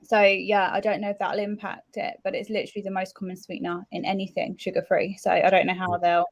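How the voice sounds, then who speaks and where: A woman's voice: medium pitch, completely flat delivery, fast, dry recording, muffled recording. A woman co-hosting a casual chat, speaking hesitantly with trailing ums. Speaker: podcast co-host.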